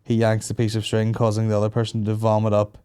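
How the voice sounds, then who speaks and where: A man's voice: fairly low pitch, completely flat delivery, fast talker, warm tone, clean tone. Crude, jokey podcast host man. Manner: crude, jokey, swears freely. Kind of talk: casual comedy podcast banter.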